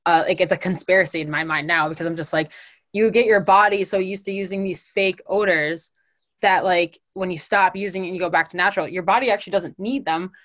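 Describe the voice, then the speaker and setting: A woman guest telling stories in a casual interview, animated and rambling, laughing as she goes. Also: on the low side, fast, no echo. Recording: dull lo-fi dry recording.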